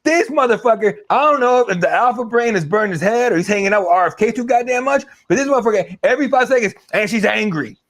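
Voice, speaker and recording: A man's voice: very high voice, animated, quick pace, hardly any pauses, fairly bright tone. A man co-hosting a casual podcast, ranting with lots of swearing and mocking impressions. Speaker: podcast co-host. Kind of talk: casual chat.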